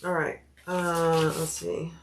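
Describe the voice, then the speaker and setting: Low, unhurried woman chatting while sewing. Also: level tone, vocal fry, a little hiss or hum. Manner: chatty, thinking aloud, greeting viewers by name. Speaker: sewing livestream host. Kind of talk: casual livestream chat while cutting fabric.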